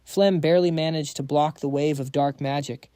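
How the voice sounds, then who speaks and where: A man's voice: a little high, fairly even intonation, normal speed, dark tone, clean tone, dry recording, clean studio sound. A man narrating a manhwa recap in a dramatic, slangy storytelling manner.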